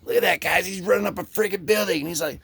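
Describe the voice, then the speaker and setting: A man hosting a casual comic book read-through, joking and rambling as he voices the characters in quick asides. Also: high voice, gravelly, a bit bright, breathy edge, no room sound. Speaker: comic book channel host.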